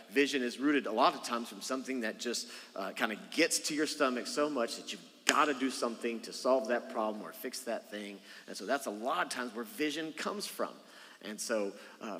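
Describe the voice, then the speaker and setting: A man's voice: medium pitch, pushed and bright, in a large hall. A man, a senior pastor preaching a conversational sermon and joking with the congregation. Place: church sanctuary.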